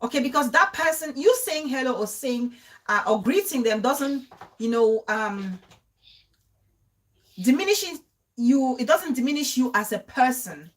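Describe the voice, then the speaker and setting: A woman's voice: high voice, expressive, a little slow. Chatty woman host. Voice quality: chatty, repeats phrases for emphasis. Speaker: show host. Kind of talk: casual live-stream talk.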